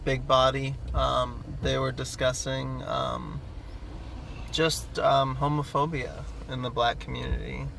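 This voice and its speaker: A man's voice: medium pitch, vocal fry. A man rambling hesitantly with many fillers on a casual live chat, talking on his phone while driving. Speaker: caller in a live audio chat. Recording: phone in a moving car. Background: faint car noise.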